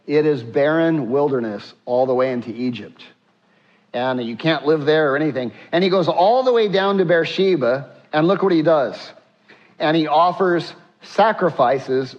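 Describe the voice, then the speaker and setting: A man preaching a sermon to his church, with frequent filler sounds and hushed acted-out prayers. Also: on the high side, dull audio. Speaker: pastor.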